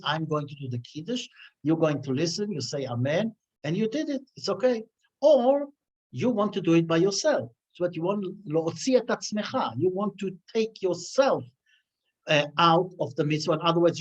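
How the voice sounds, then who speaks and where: A man's voice: on the high side, a little mellow. A man giving a weekly Torah class, telling stories with many restarts and fillers. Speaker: Torah teacher. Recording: dull lo-fi recording.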